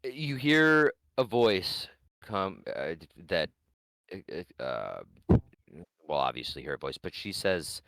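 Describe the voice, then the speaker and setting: A woman narrating as game master in a tabletop game, halting and full of fillers and laughs. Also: extremely low pitch, sing-song, no echo.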